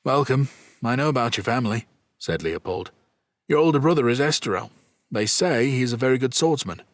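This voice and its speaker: A man voicing a young male duke who talks quickly in a deadpan, brisk manner. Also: medium pitch, no room sound, clean studio sound, voice pushed up, close to an everyday voice.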